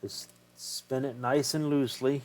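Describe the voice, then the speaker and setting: Slow, easygoing man narrating a repair. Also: medium pitch, little pitch movement. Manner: swears freely, thinks aloud while working. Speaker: retro game collector. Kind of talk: casual hands-on repair vlog.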